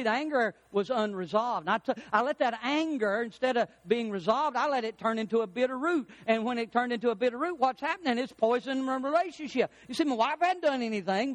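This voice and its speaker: A middle-aged man preaching a folksy sermon, swinging between loud emphasis and hushed, prayerful passages. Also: very high-pitched. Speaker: pastor.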